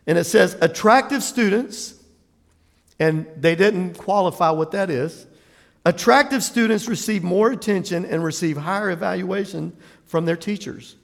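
Man, pastor, animated sermon, raised voice, gravelly, echoing church hall. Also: sits high. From Jacksonville, Florida, USA. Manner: animated storyteller, laughing asides, acts out quotes.

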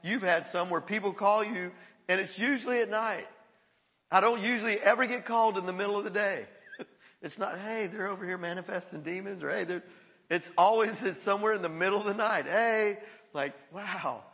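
Male pastor, high bright voice, lively storytelling sermon, echoey hall. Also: a little fast. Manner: animated storytelling with frequent chuckles.

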